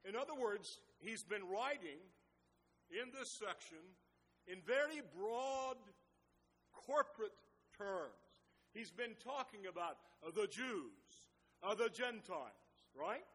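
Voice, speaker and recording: A man preaches with a high, husky voice, pressing each key word with slow, deliberate emphasis. His sermon rings through a large room with a long reverb tail. The pace is unhurried and steady. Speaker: pastor. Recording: reverberant hall sound.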